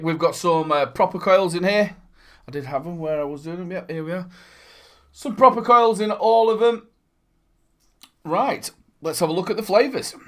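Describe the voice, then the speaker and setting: A man's voice: sits high, fairly bright tone. A man hosting a casual review vlog. He talks in a chatty, upbeat, rambling way and adds playful asides. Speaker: vape reviewer and channel host.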